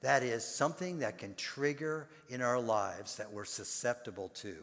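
Bright-voiced older man preaching in a hall. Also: mid-range voice, normal speed. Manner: animated storytelling, repeats words, sudden loud bursts. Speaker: pastor. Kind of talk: sermon.

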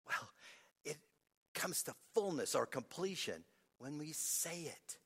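A male pastor preaching a sermon, earnest, repeating his phrases and swinging from loud to hushed. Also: on the high side, big pitch swings, a little slow, husky. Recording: long reverb of a large hall.

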